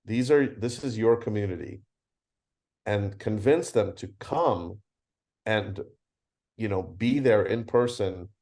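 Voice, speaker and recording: A man's voice: on the low side, takes it slowly, pauses often. A middle-aged man, a convention founder, telling stories in a casual interview and acting out the dialogue in them. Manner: animated storyteller acting out dialogue.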